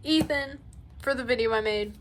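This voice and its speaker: Showing off her sketchbook casually, this woman gushes and rambles, frequently trailing off into mumbling. She speaks at normal speed with a fairly high pitch, and the recording is low quality.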